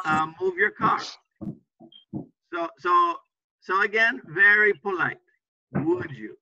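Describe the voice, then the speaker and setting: A high, very bright male voice talks slowly and patiently through a classroom lesson, repeating examples and checking in with his students. The recording is dull and lo-fi, with a faint hiss underneath. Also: expressive, no room sound. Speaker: English teacher. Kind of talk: classroom teaching.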